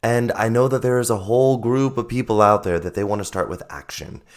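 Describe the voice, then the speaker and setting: A man hosting a solo podcast, hoarse from losing his voice, explaining ideas earnestly and repeating his points for emphasis. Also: on the low side, brisk. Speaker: podcast host and life coach.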